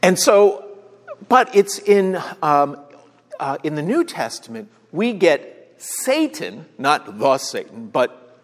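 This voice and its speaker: A man's voice: high-pitched, sing-song, slow. A man preaching a sermon, telling the story conversationally and often checking in with "all right?". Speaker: pastor. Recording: long hall reverb.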